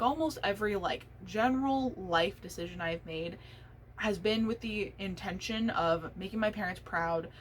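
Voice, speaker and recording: A woman's voice: mid-range voice, a bit bright, slight background noise, poor audio. A young adult woman hosting a solo podcast, talking candidly in a rambling, casual way with frequent swearing. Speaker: podcast host.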